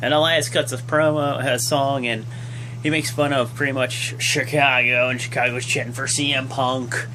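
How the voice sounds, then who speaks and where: A young man hosting his own channel, recapping a wrestling show in a casual, excitable way with lots of fillers and sudden jumps in pitch. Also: moderate pace, a little hiss or hum. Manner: excitable, acts out quotes in jumpy high voices, many fillers. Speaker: host of a wrestling reaction channel. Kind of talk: casual recap talk to camera.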